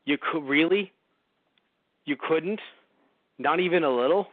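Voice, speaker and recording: A man's voice: fairly high pitch, a little slow, no room sound, narrow, tinny audio. A man co-hosting a podcast, reviewing a movie in casual, rambling chat, sarcastic and swearing freely. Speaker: podcast co-host.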